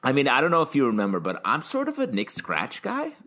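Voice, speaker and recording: A man's voice: mid-range voice, wildly swooping pitch, fast talker, a loud crowd. A man co-hosting a podcast in casual chat, joking and teasing the others. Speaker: podcast co-host.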